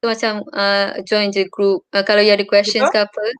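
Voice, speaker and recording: A young woman with a Malaysian accent talks casually as a guest, stopping often to hunt for her next words. Her voice is smooth and clean at a middling pitch, recorded dry and close over a video call. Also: completely flat delivery, fast, a bit bright, dry recording. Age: young adult. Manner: hesitant, searching for words with many fillers. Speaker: interview guest, university student abroad. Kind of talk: casual chat.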